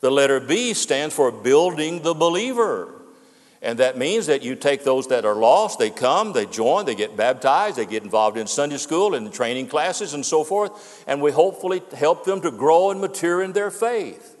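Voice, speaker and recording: Older male pastor, earnest and emphatic, slightly higher voice, church reverb. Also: lively intonation, moderate pace. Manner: earnest, emphatic preaching with repetitions. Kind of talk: farewell sermon. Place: church sanctuary. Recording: long hall reverb.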